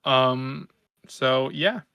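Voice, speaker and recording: A young man hosting a casual podcast chat, groggy after oral surgery, loose and halting, laughing often. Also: medium pitch, bright, forceful tone, clean tone, no room sound, studio quality. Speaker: podcast host.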